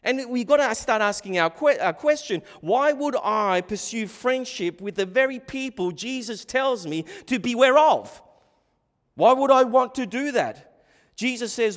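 A man preaches with an emphatic, insistent delivery, often restarting and repeating words. His voice sits high and swings widely in pitch. The sound rings with a long reverb, as if in a large hall. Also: expressive, unhurried. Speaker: pastor. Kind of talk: sermon.

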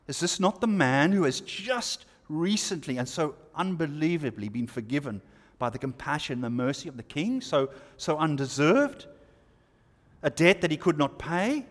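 This sermon comes from a man whose fairly high voice has a sing-song quality. He expounds scripture verse by verse, pausing and asking the listeners rhetorical questions, while the hall adds long reverb.

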